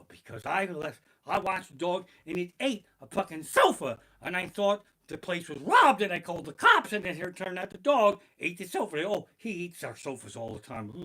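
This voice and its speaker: A male stand-up comic rants from his living room, his voice bright and sharp as it jumps around a lively, wide range. He swears freely and bursts into loud exasperated outbursts. The home streaming setup is bare-bones. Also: a little high, rough recording. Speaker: stand-up comedian. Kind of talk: stand-up comedy rant. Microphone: basic home streaming setup.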